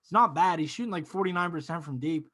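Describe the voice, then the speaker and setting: A young man co-hosting a casual sports talk show, giving blunt opinions and acting out players in animated quotes. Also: on the high side, fast. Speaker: podcast co-host.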